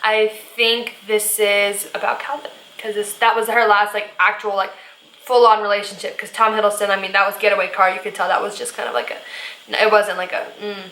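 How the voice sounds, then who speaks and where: A young woman vlogger reacting to music, gushing and rambling excitedly with lots of fillers. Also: medium pitch, brisk. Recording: echoey room.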